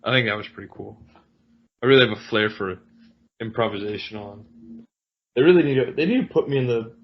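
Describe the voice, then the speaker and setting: A man's voice: mid-range voice, brisk, muffled recording. A man co-hosting a podcast in casual chat, rambling and self-mocking. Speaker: podcast co-host.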